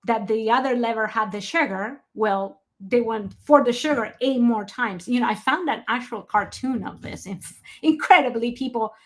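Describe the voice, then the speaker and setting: A woman's voice: on the high side, normal speed, hardly any pauses. A woman giving an online health presentation, talking with emphasis and breaking off to apologise and answer viewers by name.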